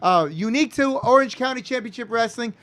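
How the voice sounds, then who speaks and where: A man's voice: very high voice, brisk, a bit bright. A man from California, a wrestling promoter, hyping an upcoming card in a rambling, self-correcting announcer patter. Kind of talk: casual promo chat.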